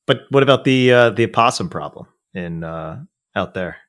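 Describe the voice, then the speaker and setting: Brief: male co-host, relaxed, jokey, lively rising and falling pitch. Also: normal speed. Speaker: podcast co-host. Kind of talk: casual chat.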